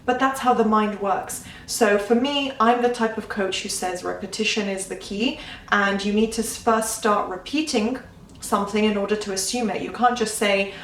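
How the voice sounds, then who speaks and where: A woman's voice: medium pitch, moderate pace, slight background noise. Young woman coaching her viewers, earnest and emphatic, a bit far off the mic in an echoey room. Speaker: manifestation coach. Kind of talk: casual talk to camera. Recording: roomy, slightly distant mic.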